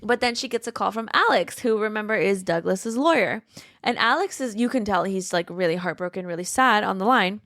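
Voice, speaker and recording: A woman's voice: a little fast, no room sound. Chatty woman podcaster, dry close sound. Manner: animated, acts out characters' lines with raised pitch. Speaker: podcast co-host. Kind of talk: casual book discussion chat.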